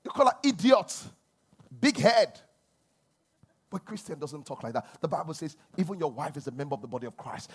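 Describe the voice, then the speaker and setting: A man preaching a sermon as a pastor, swinging between loud emphasis and quiet asides. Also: on the high side, big pitch swings, fairly quick, breathy edge.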